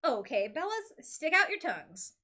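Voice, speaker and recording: A woman's voice: sits high, very animated, moderate pace, sharp tone, voice pushed up, heavily acted. A woman reading aloud as an eccentric, cheerful female food-guru teacher in a storybook, teasing her students. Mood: playful.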